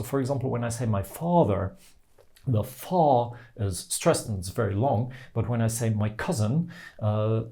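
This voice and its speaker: A man teaching pronunciation, explaining patiently and sounding out example words slowly. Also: on the low side, gravelly, dark tone. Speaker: language teacher.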